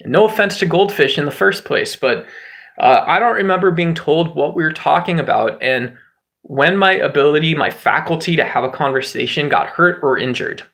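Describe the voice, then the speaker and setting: Guy rambling on a livestream, lots of likes and ums, gravelly voice. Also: a little high, moderate pace, a bit bright, echoey room. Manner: rambling, heavy on filler words and restarts. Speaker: livestream host. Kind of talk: casual livestream chat.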